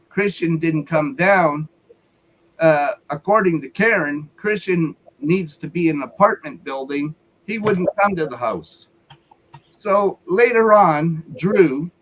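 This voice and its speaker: A man's voice: a little high, a bit bright, low-quality recording. A man giving a heated, profane rant on a live stream, repeating himself as he talks. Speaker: featured speaker on a live call-in show.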